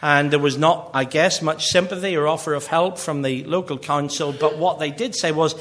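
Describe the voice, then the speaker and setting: A man with a Northern Irish accent delivers a sermon. His voice sits a touch high for a man, and he leans into key words by slowing right down. He often lets the ends of his phrases fall away soft and quiet. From Northern Ireland. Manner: earnest, slows down for emphasis, drops quiet at phrase ends. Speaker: pastor.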